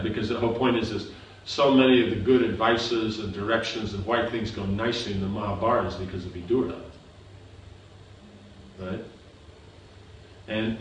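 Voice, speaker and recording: With fairly low, fairly even speech at normal speed, a man leads a scripture class, explaining patiently and regularly checking that his listeners understand. He is a spiritual teacher, recorded from a distance in an echoey room with noise in the background.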